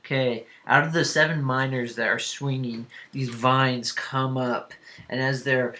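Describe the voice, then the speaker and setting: A man narrating as dungeon master, halting with many fillers. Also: mid-range voice, fairly even intonation, sharp tone. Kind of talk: narrating a tabletop game.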